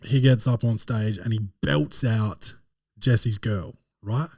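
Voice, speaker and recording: Aussie bloke podcasting, rambling slangy stories, dry close mic, middle pitch. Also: male voice, expressive, takes it slowly, a little mellow, no room sound. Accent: Australian. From Adelaide, Australia. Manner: rambling, slangy, digressive storytelling. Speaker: podcast host. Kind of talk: casual comedic review.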